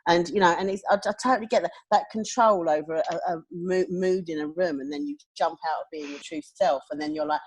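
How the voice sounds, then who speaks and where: A woman's voice: fairly low pitch, steady tone, brisk, few pauses, slightly rough. A woman co-hosting a podcast in casual chat, talking candidly and reflectively and laughing often. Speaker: podcast co-host.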